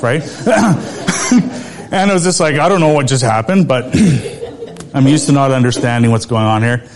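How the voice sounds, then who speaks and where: A man's voice: mid-range voice, normal speed, darkish tone. A middle-aged man preaching a sermon, telling a personal story in a conversational way and laughing often.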